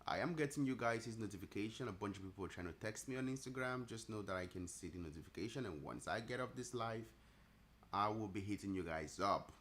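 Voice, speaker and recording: A man hosting a live trading stream in a relaxed, chatty way, answering messages from his viewers as they come in. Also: on the low side, quick pace, slight background noise. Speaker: livestream trading host. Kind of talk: casual live-stream chat.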